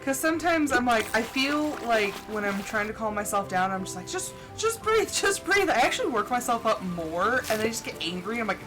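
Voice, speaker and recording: A woman's voice: fairly high pitch, fairly quick, few pauses, low-quality recording. A young woman streamer chatting casually while she plays a game. She laughs often and acts out her own thoughts. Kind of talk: casual chat while gaming. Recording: game music playing behind. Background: background music.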